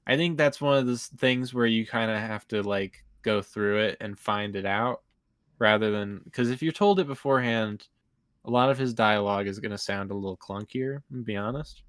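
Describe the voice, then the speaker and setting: A man's voice: fairly low pitch, normal speed, a bit bright, clear, resonant tone, no room sound, clean studio sound. A man co-hosting a casual gaming show, rambling and leaning on "like" as he thinks aloud. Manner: rambling, fills with "like". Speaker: co-host.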